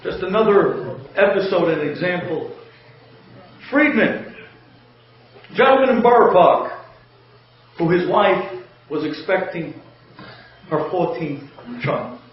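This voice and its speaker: A man telling a humorous inspirational story in an animated way, chuckling as he goes. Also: high-pitched, takes it slowly, long pauses. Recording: very echoey, dull lo-fi audio.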